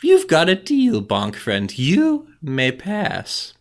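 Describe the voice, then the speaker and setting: A game master voicing a scheming little goblin who runs a fake toll gate and speaks in a high, old-fashioned, mock-polite way. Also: male voice, wildly swooping pitch, slow pace, creaky, heavily acted. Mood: sly. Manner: high squeaky put-on voice, archaic greetings. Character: sly goblin toll-keeper, small and scheming.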